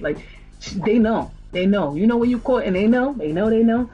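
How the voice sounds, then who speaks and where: A woman's voice: a little high, lively intonation, fairly quick, mellow, muffled recording. A woman hosting a music channel, breaking down song lyrics in a chatty, slangy way with rhetorical questions. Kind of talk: casual commentary on song lyrics.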